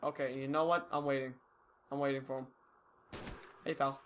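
A man's voice: medium pitch, little pitch movement, moderate pace, slight background noise. A young man giving casual, rambling, self-mocking commentary over his own gameplay. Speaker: gaming YouTuber.

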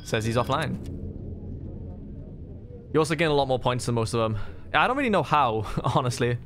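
A man streaming a game, chatting with friends in quick, sarcastic banter. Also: medium pitch, expressive, background noise. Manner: sarcastic, fast-talking banter. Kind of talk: casual gaming chat.

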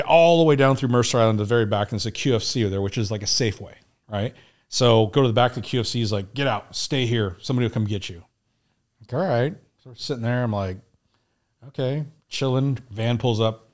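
Animated storytelling man, swears freely. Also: lowish voice. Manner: animated, acts out dialogue, laughs often, swears. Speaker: podcast guest, Navy SEAL veteran. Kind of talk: casual storytelling interview.

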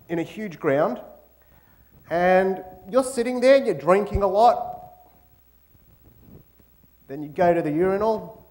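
A man's voice: sits high, a little mellow. An Australian man giving a humorous guest lecture in a university auditorium, acting out little scenes with mock dialogue. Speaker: guest speaker.

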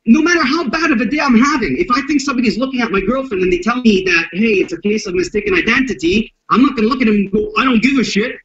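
Man, self-defense instructor, interview, blunt, profane, high-pitched, dull lo-fi audio. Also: racing, hardly any pauses. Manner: blunt, profane and animated, acts out confrontations. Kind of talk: interview talk explaining violence.

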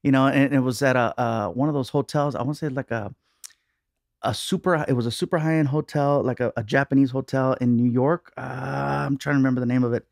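A man's voice: mid-range voice, steady tone, fairly quick, creaky, dry recording. Chatty man, dry close sound. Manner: chatty storyteller, laughs often. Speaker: comedian guest. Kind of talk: casual chat.

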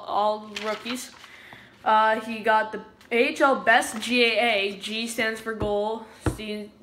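A woman's voice: medium pitch, background noise. A woman giving a casual fan presentation as a vlogger, chatty and digressive, stopping often to explain terms. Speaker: vlogger presenting a hockey player.

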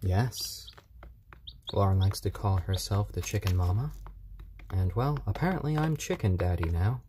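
A man chatting on a live stream in a calm, soothing way, often talking gently to baby chicks. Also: low voice, normal speed, background noise. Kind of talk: casual live-stream chat. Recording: chirping baby chicks behind.

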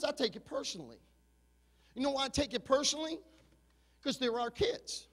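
A man in his fifties, a pastor preaching an impassioned sermon that swings from shouting to low, confiding talk. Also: animated, brisk, pauses often, in a large hall.

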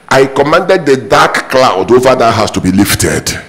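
A man's voice: medium pitch, very animated, unhurried, fairly bright tone, low-quality recording. A man preaching a sermon as pastor, emphatic and repetitive, his voice leaping up on sudden exclamations.

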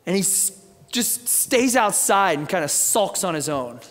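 A man's voice: high-pitched, sing-song, a little slow, a bit bright. A man preaching a sermon as pastor, telling the story animatedly with casual conversational asides. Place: church sanctuary. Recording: long church reverb.

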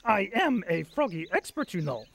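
Gravelly pompous furry monster. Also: male voice, sits high, sing-song, normal speed, a bit bright, full character voice. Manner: formal, no contractions, overly confident. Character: blue furry monster, pompous bumbling self-declared expert.

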